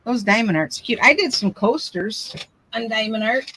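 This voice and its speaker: A woman's voice: on the high side, lively intonation, normal speed, pushed and bright, slight background noise, poor audio. An older woman hosting a casual craft chat, telling rambling family stories with lots of restarts. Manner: chatty, rambling storyteller with frequent restarts. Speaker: craft live stream host.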